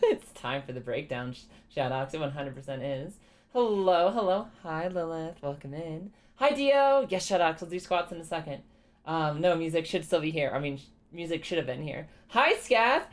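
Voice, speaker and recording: A young woman streamer chatting casually and congested, rambling, swearing freely and breaking into high laughs. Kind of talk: casual live-stream chat.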